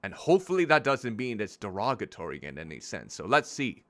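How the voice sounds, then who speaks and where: A male streamer talks through a game in a chatty, self-deprecating way. His voice is low but swings widely and expressively in pitch. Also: big pitch swings, a little fast, a bit bright. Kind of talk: gameplay commentary.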